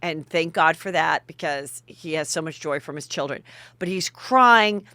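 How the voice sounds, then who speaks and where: Low-pitched and unhurried, this middle-aged podcast host tells her story in a casual way, bringing its people to life by acting them out. The recording has no echo.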